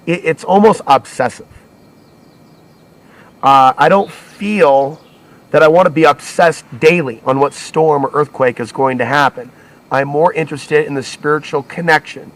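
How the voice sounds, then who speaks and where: A man's voice: a little high, measured pace. Male channel host, solo talk, rambling delivery with frequent self-corrections. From United States. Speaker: alternative media channel host. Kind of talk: solo monologue to camera.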